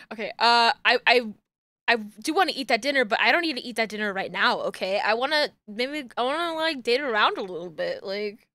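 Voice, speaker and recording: A young woman chats through a game stream, playful and quick to laugh. Her voice is high, bright and very lively in pitch. It is recorded close and dry. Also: no echo. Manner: giggly, playful, crude joking. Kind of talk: casual game playthrough.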